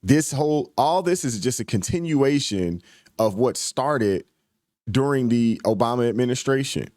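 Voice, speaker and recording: A man's voice: mid-range voice, expressive, moderate pace, darkish tone, dry recording. A man hosting a reaction channel, giving casual, emphatic commentary with folksy slang.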